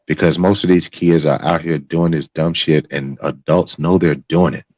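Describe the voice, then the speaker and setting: A man with an extremely low, deep voice delivers heated commentary as host of his own stream, cursing and circling back over his words. The sound is dry and a little dull, like a close, lo-fi mic. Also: fairly even intonation, moderate pace, darkish tone, no echo. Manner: angry, profane, repeats himself.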